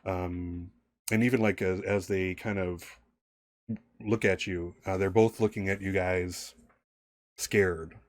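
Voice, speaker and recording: A man narrating a tabletop game as game master, in a rambling, halting way with many restarts. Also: low-pitched, fairly even intonation, dry recording.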